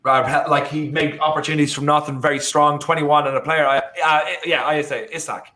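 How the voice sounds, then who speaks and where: A man's voice: on the high side, little pitch movement, a little fast, pushed and bright. A young Irish man co-hosting a live football watchalong, talking casually and rambling with lots of fillers. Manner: rambling, many fillers and restarts. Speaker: watchalong co-host.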